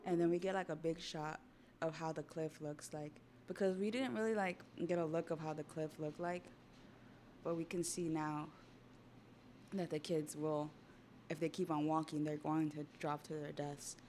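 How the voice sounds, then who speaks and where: Chatty young woman streamer, lowish voice. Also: moderate pace, a little hiss or hum. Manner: excitable, chatty, swears casually. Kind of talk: casual livestream reaction.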